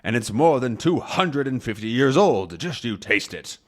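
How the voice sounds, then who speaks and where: A man's voice: medium pitch, very animated, normal speed. A man doing a blustering old sea captain. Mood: boisterous. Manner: boisterous, exclaiming. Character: blustering hearty middle-aged male sea captain.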